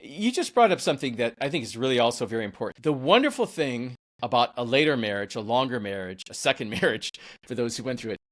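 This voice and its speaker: Lively, rambling man host. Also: medium pitch, fast talker. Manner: chatty, rambling, eager to agree. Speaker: podcast host. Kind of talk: conversational interview.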